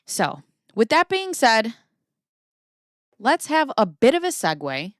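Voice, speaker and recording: A woman in her thirties hosting a commentary show, telling a story in a casual, profane, animated way. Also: on the high side, slow, no echo, clean studio sound. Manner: profane, expressive, animated retelling.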